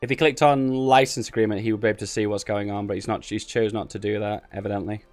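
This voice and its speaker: A male streamer casts a strategy game tournament live, speaking casually, thinking aloud, and drifting into rambling asides. His voice is fairly low and a little mellow, with fairly even intonation and a quick pace, over soft background music.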